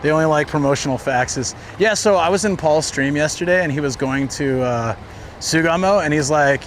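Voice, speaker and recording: On a walking livestream through city streets, a man with a slightly high voice chats at a normal pace. He rambles through stories with frequent fillers as traffic and urban ambience fill the background.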